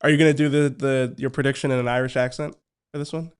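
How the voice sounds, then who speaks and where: A man's voice: mid-range voice, level tone, fast talker, smooth. A man co-hosting a sports podcast, teasing the others and laughing often in casual chat. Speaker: podcast co-host.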